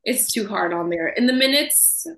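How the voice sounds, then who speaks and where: A woman co-hosting a podcast, chatty and apologetic, quick to laugh. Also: medium pitch, expressive, fairly bright tone, slight background noise. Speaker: podcast co-host. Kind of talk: casual chat.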